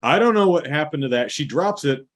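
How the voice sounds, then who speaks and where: A man's voice: on the high side, expressive, a little fast. A man co-hosting a casual movie talk show, recapping the plot with wry, dry asides. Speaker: podcast co-host.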